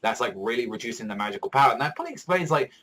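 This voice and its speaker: A young man giving a casual manga chapter review, excitable and rambling, swearing freely. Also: medium pitch, racing, poor audio. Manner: profane, excitable, rambling with many fillers.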